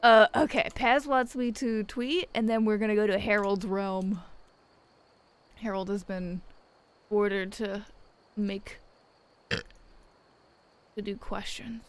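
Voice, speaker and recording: A woman's voice: medium pitch, fairly even intonation, slow pace, long pauses, rough recording. Rambling, profane young woman streamer. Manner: rambling, profane, laughing storytelling. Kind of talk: casual chat while gaming.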